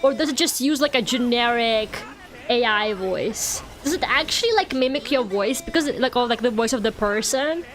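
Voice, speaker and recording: A woman's voice: a little high, lively intonation, moderate pace, a bit bright. A young woman streaming a game, chatting casually and ranting with lots of "like"s. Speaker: VTuber streamer. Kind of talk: casual live-stream chat while gaming.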